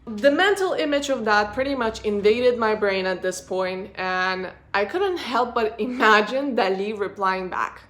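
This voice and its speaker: A woman's voice: mid-range voice, lively intonation, a little slow, a bit bright. A woman vlogger giving a frank, blunt personal monologue about human nature.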